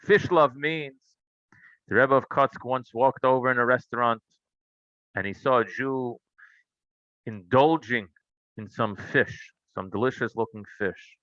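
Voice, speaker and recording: A man's voice: mid-range voice, measured pace, pauses often, no echo, muffled recording. A man teaching a Torah class, telling stories and asking rhetorical questions. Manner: animated storytelling, asks rhetorical questions.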